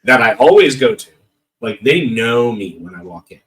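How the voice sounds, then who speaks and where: A man's voice: mid-range voice, very animated, moderate pace, far from the mic, rough recording. A man telling funny stories about himself on a podcast, in a jokey, self-deprecating and rambling way. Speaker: podcast guest. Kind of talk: casual storytelling.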